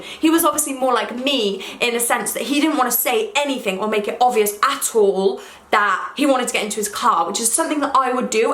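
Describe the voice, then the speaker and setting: A woman's voice: fairly high pitch, a bit bright. A young woman chatting casually to camera while doing her makeup, rambling and self-deprecating. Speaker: beauty vlogger. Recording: echoey room.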